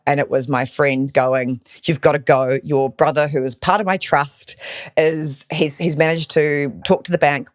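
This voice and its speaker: A woman from New Zealand, a podcast guest, telling a personal story in an animated, emotional way. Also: deep voice, no room sound, studio quality. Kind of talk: storytelling in interview.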